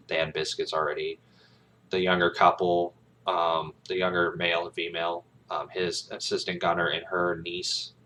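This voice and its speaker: A man's voice: sits low, pushed and bright. A man casually retelling a film scene, rambling with many ums and restarts. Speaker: aspiring actor, vlogger.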